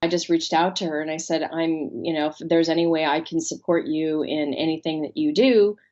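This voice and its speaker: A woman's voice: sits low, normal speed, muffled recording. A woman life coach and author, telling stories in a podcast interview and acting out the voices of the people she quotes. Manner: animated storyteller, acts out quoted voices.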